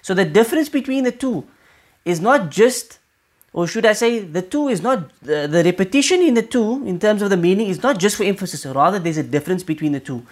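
With an expressive voice that sits high, this man teaches Quranic interpretation in an explanatory lesson. Between his explanations he rapidly recites brief Arabic verses, and he regularly checks in with his listener.

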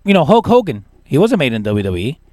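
A man's voice: mid-range voice, big pitch swings, quick pace, a little mellow, dry recording, clean studio sound. A young man co-hosting a casual wrestling chat, ranting emphatically and repeating words. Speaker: podcast co-host.

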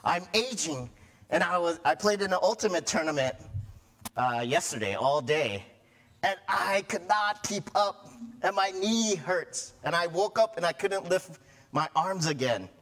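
Middle-aged guy preaching a sermon, voice jumps all over the place, kinda high, loose and chatty, acts out the yelling bits. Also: unhurried. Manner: conversational and animated, acting out cries and tantrums. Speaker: pastor.

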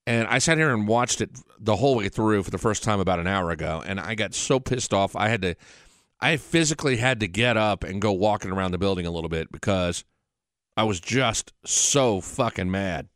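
A man's voice: fairly low pitch, lively intonation, fairly quick, a bit bright, clean tone, no room sound, clean studio sound. A man hosting a podcast in a casual, blunt and profane way, rambling and restarting his sentences. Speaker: podcast host. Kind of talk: casual chat.

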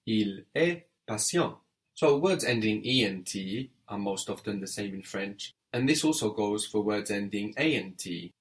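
Patient low-voiced male French teacher. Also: lively intonation, unhurried. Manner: patient, methodical, prompts and spells out letters. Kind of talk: audio language lesson.

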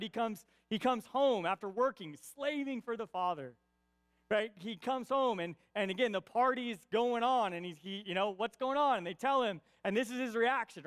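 A man's voice: sits high, fairly bright tone, dry recording. A man preaching a conversational sermon, often checking in with his listeners with "right?" and repeating key lines for emphasis. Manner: peppers points with "right?" tag questions. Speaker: pastor.

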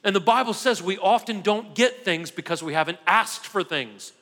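A man's voice: high voice, animated, moderate pace, fairly bright tone, in a large hall. A male pastor delivering an emphatic sermon, repeating key phrases and calling the congregation "guys". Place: church sanctuary.

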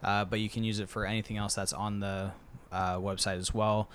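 Chill podcast guy, lowish voice, smooth, lots of uhs while doing the plugs. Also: flat delivery, brisk, fairly bright tone. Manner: laid-back, lots of ums and uhs. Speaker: podcast co-host. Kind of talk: casual podcast chat, sponsor plugs.

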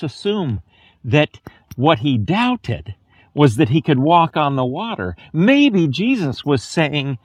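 A man's voice: on the high side, very animated, takes it slowly, breathy edge, no room sound, lo-fi sound. A man preaching a sermon as a pastor, earnest and conversational, lifting his voice on key words.

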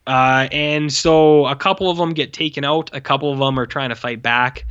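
Casual male podcast host, rambling and laid-back, bright edge, lo-fi recording. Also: medium pitch, moderate pace, clean tone. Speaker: podcast host reviewing movies. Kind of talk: casual chat.

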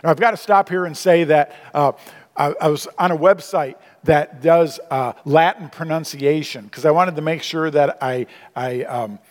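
A man's voice: fairly high pitch, normal speed, big-room sound. A man preaching a sermon as pastor, conversational and emphatic, with asides to the congregation. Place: church sanctuary.

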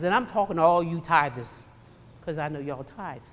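A woman's voice: lowish voice, big pitch swings, brisk. A woman preacher delivering a sermon, emphatic and repetitive, acting out the voices she quotes. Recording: long hall reverb.

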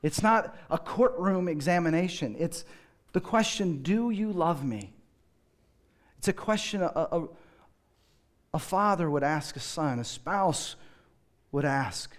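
A man preaching a sermon with earnest conviction. His voice sits slightly above the usual male range. He often slows down and drops to a quiet tone to press a point home. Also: fairly high pitch, lively intonation. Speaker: pastor.

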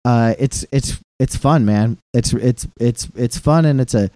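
Rambling, profane man with a mellow voice. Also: mid-range voice, a little slow, no room sound, clean studio sound. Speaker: podcast co-host. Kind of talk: casual chat.

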